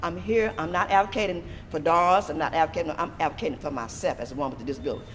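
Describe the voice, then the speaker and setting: A middle-aged woman from Texas, a disability advocate, telling a story in a lively, animated way with laughter. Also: low-pitched, racing, a little hiss or hum. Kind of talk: storytelling interview.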